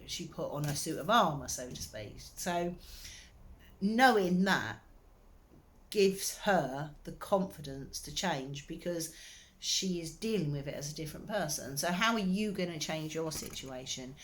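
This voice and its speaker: Low-voiced woman giving earnest advice. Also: lively intonation, a little slow. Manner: earnest, encouraging, speaks straight to the listener. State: slight throat irritation. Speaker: wellbeing coach. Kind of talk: direct-to-camera advice talk.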